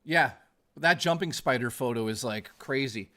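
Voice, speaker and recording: A man's voice: medium pitch, normal speed, pushed and bright. A man streaming live, chatting casually and ramblingly with viewers, swearing often and calling them dude and guys. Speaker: gaming streamer.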